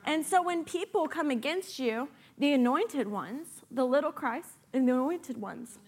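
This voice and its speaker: A woman with a high voice preaches a sermon with lots of energy. She moves between earnest urging and playful, sarcastic asides. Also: expressive, unhurried. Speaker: guest preacher.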